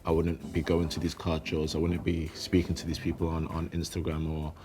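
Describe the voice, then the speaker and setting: A young man, a footballer talking casually about his hobby, relaxed and repeating words as he thinks. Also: very deep voice, fairly quick, soft background music. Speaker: professional footballer and card collector. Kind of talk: casual interview chat.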